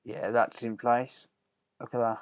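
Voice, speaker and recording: A man in his thirties talks casually to a live audience while working at a repair bench, muttering curses and joking. His voice sits at an ordinary middle pitch, and the recording is dry and close, with no room echo. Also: level tone, measured pace. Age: 30s. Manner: chatty, swears under his breath, banters with viewers. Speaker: repair streamer. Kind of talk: casual live-stream chat while soldering.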